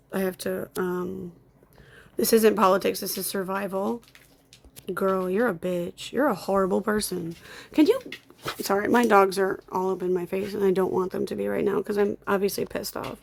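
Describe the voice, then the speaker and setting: A young woman records her screen at home and rants, upset and irritated, swearing and muttering to herself as she blocks users. Her mid-range voice has fairly even intonation, a moderate pace and some vocal fry. Dogs are around, and construction noise comes from outside.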